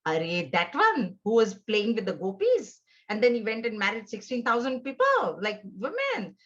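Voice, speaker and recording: A woman's voice: a little high, wildly swooping pitch, normal speed, a bit bright, dull audio. A woman voicing a brash forest hunter who taunts and brushes off a warrior's boasts, told as part of a spoken lesson. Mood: mocking. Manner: taunting, dismissive questions. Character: brash, mocking forest hunter, a disguised god.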